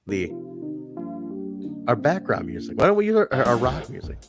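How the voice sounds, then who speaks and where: A man's voice: medium pitch, wildly swooping pitch, moderate pace, over music. A man co-hosting a podcast, chatting casually and animatedly, joking and swearing now and then. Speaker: podcast co-host. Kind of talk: casual chat reviewing wrestling shows.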